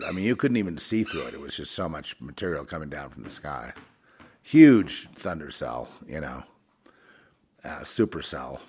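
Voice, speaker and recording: A man delivering a rambling religious monologue, swinging between fervent outbursts and quiet, halting asides full of restarts. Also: lowish voice, slightly rough. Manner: many restarts and fillers, conversational.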